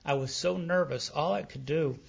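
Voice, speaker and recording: A man telling his recovery story at a meeting, candid and self-deprecating, animated as he acts out remembered dialogue, on a dull lo-fi tape. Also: on the high side, normal speed, vocal fry, slightly rough. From Texas. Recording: dull lo-fi tape of a live talk.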